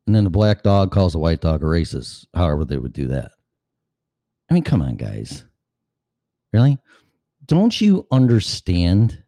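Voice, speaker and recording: A man's voice: low voice, warm tone, dry recording, studio quality. A man hosting a show, ranting sarcastically and cursing, now and then acting out other voices. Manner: acts out voices mid-rant. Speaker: show host. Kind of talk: opinion monologue.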